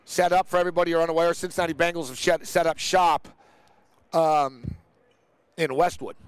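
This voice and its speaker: A man hosts a casual sports talk show with a fairly high voice. He tells stories animatedly and acts out the people he quotes. The sound is dry and close. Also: level tone, a little fast, clear, resonant tone, no echo. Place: outdoors near a big event.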